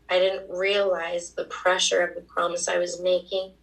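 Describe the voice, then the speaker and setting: A young adult woman, a guest on a talk show, telling an emotional personal story at a quick pace. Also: lowish voice, completely flat delivery, vocal fry, a bit bright, recorded from a distance, rough recording.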